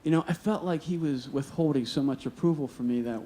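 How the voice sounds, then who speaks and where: A man's voice: on the high side, brisk, dark tone. A man telling a personal story live on stage, earnest and vivid, acting out the dialogue. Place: stage at a museum storytelling event.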